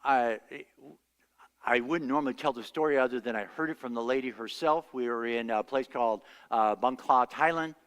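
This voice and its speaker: A man's voice: medium pitch, moderate pace, fairly bright tone, smooth, big-room sound. A male pastor preaching a sermon, telling stories and acting out the voices he quotes. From United States. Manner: storytelling, acts out quoted voices. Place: church sanctuary.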